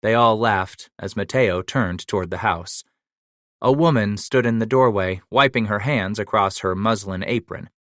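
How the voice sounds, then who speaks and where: A man narrating a western novel with a steady storytelling delivery. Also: on the low side, moderate pace, dry recording, clean studio sound. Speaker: audiobook narrator.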